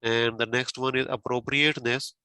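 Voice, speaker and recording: A man talks a learner through feedback on a practice speaking exam, patient and methodical, explaining point by point. His voice is bright and of middling pitch, and he fills the gaps with "okay" and "you know". The recording is dry and close. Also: little pitch movement, normal speed, smooth, dry recording, rough recording. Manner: repeats "okay" and "you know" often, many fillers; patient, explains step by step with everyday examples. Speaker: tutor giving exam feedback.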